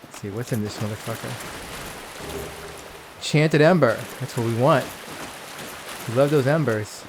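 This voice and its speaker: Gamer guy, mid-pitched, loose and swearing, talks to the screen; faint background hiss. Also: a little slow. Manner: chatty, profane, talks to game characters. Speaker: let's play gamer. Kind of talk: casual gameplay commentary.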